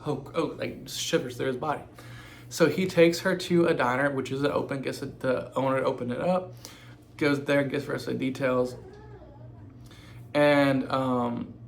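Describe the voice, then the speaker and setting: A man casually retelling a true crime story, halting with frequent fillers and self-corrections. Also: mid-range voice, gravelly, slight background noise.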